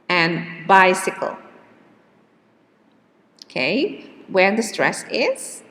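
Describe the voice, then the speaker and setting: Slow, careful woman teaching pronunciation. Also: medium pitch, lively intonation, a bit bright, in a large hall. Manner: slow, drawn-out model words with hesitant fillers. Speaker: English teacher. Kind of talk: pronunciation lesson.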